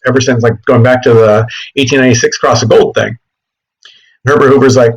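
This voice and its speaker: A man giving a history lecture in class, animated and joking, often correcting himself mid-sentence. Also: medium pitch, brisk, rough recording. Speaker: history teacher.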